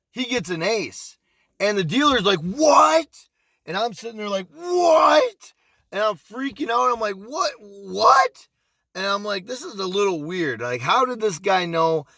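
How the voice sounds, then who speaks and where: A former casino pit boss tells a story in a blunt, casual vlog, swearing, restarting sentences, repeating himself, and constantly asking "you know what I'm saying?" His voice sits on the high side with a fairly bright tone and no echo.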